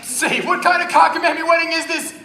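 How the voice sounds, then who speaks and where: A man's voice: very high-pitched, steady tone, a little fast, pushed and bright, heavily acted. A man playing a nervous, blustery producer with a weak heart in a stage musical. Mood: frantic. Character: frantic fast-talking show producer, man. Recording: echoey hall, live stage.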